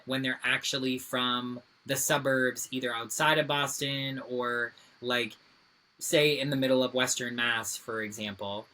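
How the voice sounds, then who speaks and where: A woman from Central Massachusetts co-hosting a casual podcast, acting out exasperated quotes. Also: a bass voice. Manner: animated, acts out exasperated quotes. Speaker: podcast co-host. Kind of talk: casual chat.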